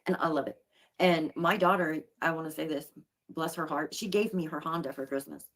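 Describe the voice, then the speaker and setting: A woman's voice: sits low, brisk, a bit bright. A middle-aged woman chatting defensively on a casual livestream. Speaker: livestream co-host.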